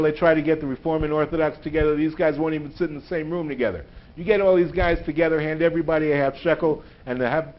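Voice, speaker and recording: Animated man lecturing in a synagogue. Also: fairly high pitch. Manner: animated storyteller, often adds "right?". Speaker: teacher lecturing a synagogue audience. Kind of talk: lecture with humor. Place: synagogue hall. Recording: dull lo-fi livestream sound.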